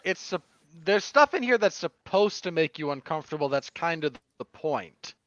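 A man with a fairly high voice trades sarcastic jabs on a casual film podcast, often stumbling over restarts. His dry mic sounds dull and lo-fi. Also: animated, moderate pace, no room sound. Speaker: podcast co-host. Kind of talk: casual movie review chat.

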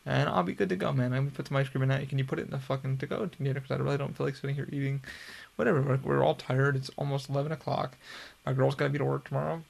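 A man's voice: medium pitch, fairly even intonation, very fast, creaky. A young man hosting a podcast, telling a long story in a casual, profane, rambling way. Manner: profane, rambling, laid-back. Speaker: podcast host.

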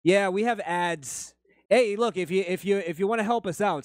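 Male podcast host, slightly raised pitch, casual and profane, dry close mic. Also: moderate pace, dry recording. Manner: blunt, swears freely, rambling anecdotes. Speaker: podcast host reading chat.

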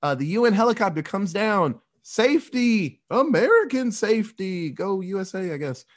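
Man recapping a movie, animated, swears a lot, slightly high voice, casual chat. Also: brisk. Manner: animated, swearing, acts out characters' lines.

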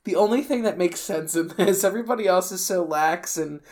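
A woman's voice: lowish voice, a little fast, a little mellow. A woman talks about a favorite film character with eager enthusiasm. She is blunt and swears freely in a casual chat. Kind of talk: casual movie discussion.

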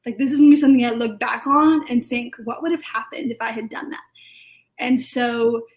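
A British woman, a podcast guest, telling a personal testimony in a chatty, lively way full of fillers. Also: a little high, fairly quick, low-quality recording. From United Kingdom.

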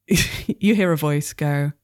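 A woman narrating as game master, relaxed and giggly. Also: low-pitched, slow, dry recording, clean studio sound.

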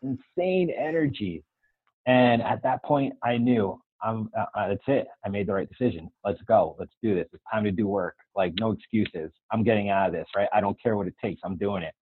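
Over phone-quality sound, a man with a lowish voice tells his life story to an interviewer at a normal speed. He plays out the dialogue earnestly and keeps tossing in "right?"

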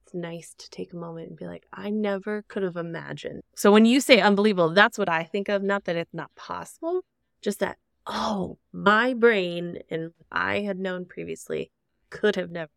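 A woman co-hosting a podcast in casual chat, excitable and animated as she talks. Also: on the low side, normal speed, gravelly, no echo, studio quality. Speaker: podcast co-host.

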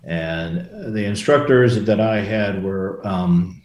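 A man's voice: on the low side, slow, a little mellow, slight background noise. An older man, a former Marine aviator, telling stories in a casual interview, rambling with many restarts and asides. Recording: roomy echo.

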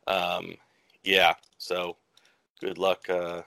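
A man's voice: sits low, completely flat delivery, extremely slow, vocal fry, pushed and bright, no room sound. A man co-hosting a podcast, chatting casually and rambling with many fillers. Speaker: podcast co-host. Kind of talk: casual chat.

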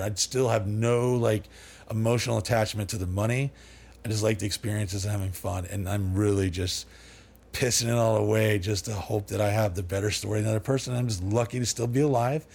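A man's voice: on the low side, vocal fry, a little mellow. A man as a podcast guest, telling long rambling stories with lots of swearing, fillers and restarts. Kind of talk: casual storytelling.

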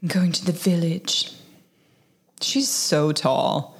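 A woman's voice: lowish voice, slow pace. A woman co-hosting a podcast, chatting casually about a movie as she watches it and acting out characters' lines. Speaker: podcast co-host.

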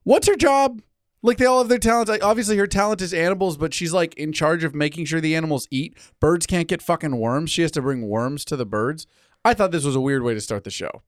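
Animated man hosting a casual podcast. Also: fairly high pitch, brisk, no echo, studio quality. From California. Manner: animated, swears, acts out characters in quotes. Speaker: podcast co-host. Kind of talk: casual chat. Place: tiny studio on a wind farm.

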